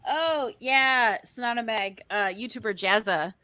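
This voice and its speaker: Bright, slow-talking American woman. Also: on the high side, dry recording. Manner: giggly, easygoing. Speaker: artist co-host. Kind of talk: casual chat.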